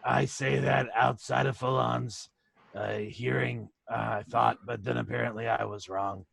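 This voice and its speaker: A man playing a tabletop role-playing game, describing his character's actions haltingly and with stammering restarts. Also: medium pitch, fairly even intonation, vocal fry, fairly bright tone, no echo. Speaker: player.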